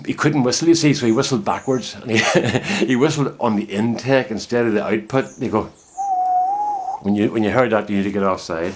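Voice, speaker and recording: A man's voice: on the low side, a little fast, background noise. A middle-aged man talking casually to camera from his greenhouse, rambling and reflective as he chats about his potato growing. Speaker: home potato grower vlogger. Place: inside a greenhouse.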